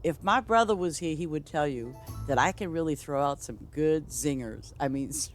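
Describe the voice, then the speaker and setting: A woman's voice: sits low, animated, moderate pace, soft background music. A woman streaming a farming game, chatting casually with her viewers and laughing often. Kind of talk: casual live-stream chat while playing.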